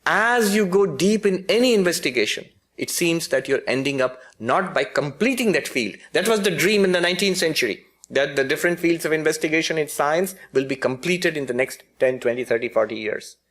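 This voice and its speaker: A man's voice: fairly high pitch, animated, a little fast, few pauses, fairly bright tone. A man, a spiritual teacher, giving a philosophy lecture with humorous storytelling and frequent self-corrections.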